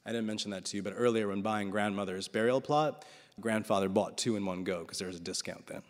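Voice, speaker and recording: Male narrator, scripted audiobook reading, measured delivery, reverberant. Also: fairly low pitch, steady tone.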